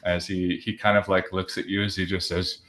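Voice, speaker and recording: A man's voice: sits low, little pitch movement, a little fast, fairly bright tone. A man running a tabletop role-playing game, narrating in long, rambling chains of "as he just says" with lots of fillers. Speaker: game master.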